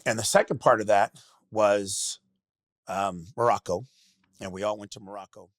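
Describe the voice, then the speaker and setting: A middle-aged man telling a candid personal story as a podcast guest, halting and restarting often. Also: fairly low pitch, fairly even intonation, no echo, clean studio sound. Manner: halting, many restarts and repeated words.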